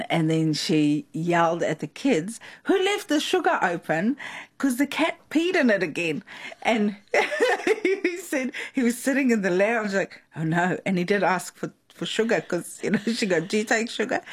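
A South African woman, a guest in a conversation, telling stories in an animated way, acting out quotes and laughing often. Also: mid-range voice, breathy edge. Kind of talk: conversational storytelling.

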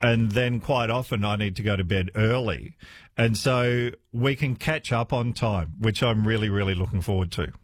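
A radio host with a lowish voice runs a talkback show at a normal pace, chatting with callers and laughing often. He's recorded on a studio microphone.

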